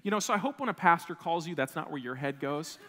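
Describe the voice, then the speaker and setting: A man in his thirties from Wisconsin, preaching a sermon as a pastor, telling a personal story in an animated, self-deprecating way with frequent restarts. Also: a little high, fast. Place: church sanctuary. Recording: long reverb of a church hall.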